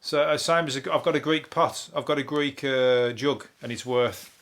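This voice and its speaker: An English comedian hosts his podcast in loose, rambling chat, dropping swear words freely and chuckling between thoughts. His voice sits at an ordinary, middling pitch for a man. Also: fairly even intonation, moderate pace, fairly bright tone.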